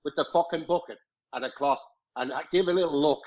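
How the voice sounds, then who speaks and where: Husky man swearing through old anecdotes. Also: a little high, fast talker. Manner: swears freely, chuckles through stories. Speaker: former footballer, guest. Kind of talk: casual anecdote telling. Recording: dull lo-fi podcast audio.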